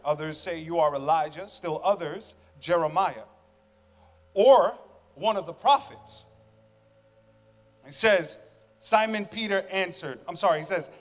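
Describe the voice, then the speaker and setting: A male pastor with a somewhat high voice delivers a sermon from a church stage microphone. His voice rings out with long hall reverb over faint music. He talks in a casual, joking way, moving between loud emphasis and soft asides. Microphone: stage microphone with monitors.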